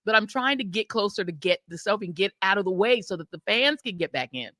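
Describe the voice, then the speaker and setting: A middle-aged American woman hosting a podcast, telling a story in lively casual chat and acting out the people she quotes. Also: mid-range voice, fast, dry recording. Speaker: podcast host.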